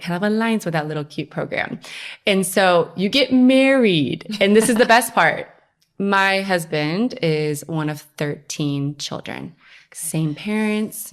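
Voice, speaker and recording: Animated young woman telling her story. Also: lowish voice. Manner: animated storytelling, acts out her own past voice. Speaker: podcast guest. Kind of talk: personal story in a conversational interview.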